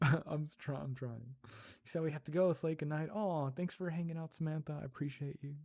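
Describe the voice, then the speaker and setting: A man chatting casually on a livestream, giggling and slowly sounding out foreign words. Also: fairly high pitch, fairly even intonation, a little mellow. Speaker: streamer.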